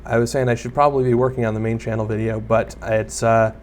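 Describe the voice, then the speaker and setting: A man's voice: mid-range voice, little pitch movement, quick pace, darkish tone, slight background noise. A young man giving casual Let's Play commentary, rambling and self-deprecating as he chats to viewers and the creatures on screen. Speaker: gaming YouTuber.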